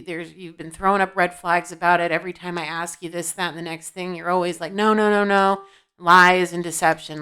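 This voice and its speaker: A woman's fairly low, smooth voice carries a bit of brightness. She's an intuitive reader giving a tarot-style spiritual reading to camera at home, blunt and scolding, putting questions to her guides and answering them.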